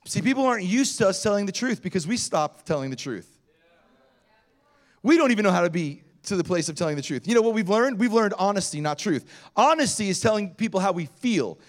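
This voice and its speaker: A male pastor preaching to a congregation in a high voice that leaps up and down. He tells stories with lively, self-mocking humor and keeps the sermon animated. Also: a little fast.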